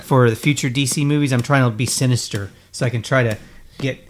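A man hosting a casual pop-culture podcast, talking in an excitable, rambling way. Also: mid-range voice, a little fast, a little hiss or hum. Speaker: podcast host.

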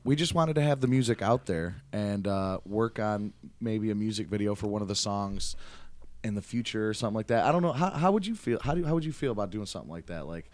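A male musician being interviewed in a relaxed chat, earnest and keen, often stumbling and restarting as he explains. His voice sits on the low side and sounds dry and close to the mic. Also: fast talker, no room sound. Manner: earnest, eager, a little hesitant with restarts. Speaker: musician guest, band member.

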